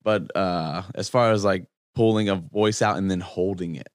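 A man co-hosting a casual podcast, talking in a halting, laid-back way with frequent restarts. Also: deep voice, dry recording, clean studio sound. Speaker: podcast co-host. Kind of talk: casual chat.

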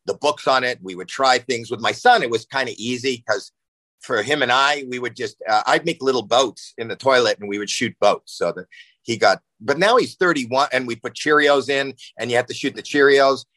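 A man in his sixties, a podcast guest telling a long, animated anecdote and acting out panic in it. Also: mid-range voice, moderate pace, no echo, low-quality recording. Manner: excitable, acts out panic and shouting in anecdotes. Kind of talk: animated storytelling.

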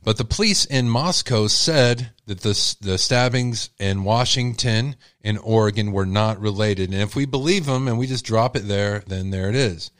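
A man's voice: on the low side, moderate pace, few pauses, a bit bright, no echo, clean studio sound. A man from Texas with a Texan accent, hosting a true-crime channel and talking to his viewers in blunt, heated, rambling commentary.

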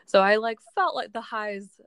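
A woman's voice: a little high, expressive, moderate pace, fairly bright tone, clean tone, dry recording. A young woman co-hosting a casual book chat, rambling and laughing often, her voice just recovering from being sick. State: voice recovering after illness. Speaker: podcast co-host.

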